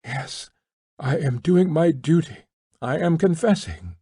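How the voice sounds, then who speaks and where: Brief: male reader as a tearful, stammering nobleman, raised voice, slow pleading delivery. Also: on the high side, dark tone, breathy edge, dry recording, pitched above the performer's own voice, exaggerated voice. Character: remorseful young nobleman, halting and tearful.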